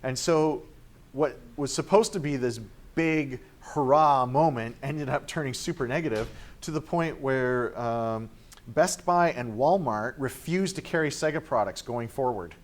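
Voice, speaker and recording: A man's voice: mid-range voice, unhurried. A man giving a casual classroom lecture, chatty and full of fillers, acting out quoted reactions. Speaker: teacher.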